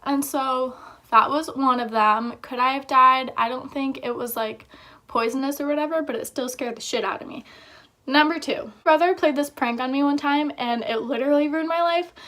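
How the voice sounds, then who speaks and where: A woman's voice: sits high, moderate pace, a bit bright. A young woman vlogger telling a story in a chatty, casual way, with lots of filler words.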